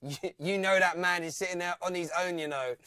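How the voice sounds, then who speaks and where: A man's voice: sits high, a little fast, pushed and bright, smooth, no room sound, studio quality. Teasing man hosting a phone-in. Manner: chatty, laughs often, teasing callers. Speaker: phone-in host. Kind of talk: live fan phone-in show.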